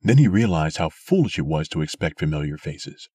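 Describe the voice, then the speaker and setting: A man narrating a story aloud in a steady, measured way. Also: a bass voice, slightly rough, dry recording. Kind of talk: scripted audiobook narration.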